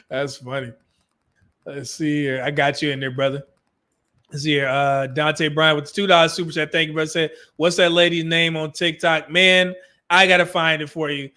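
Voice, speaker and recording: A man's voice: a little high, flat delivery, a little slow, pauses often, pushed and bright. A man with a Californian accent hosting a live stream in casual, joking talk, often laughing and reading out viewer messages.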